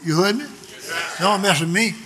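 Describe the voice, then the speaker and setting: An older man preaching a sermon, shouting with emphasis and then dropping suddenly quiet. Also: high-pitched, moderate pace, slight background noise.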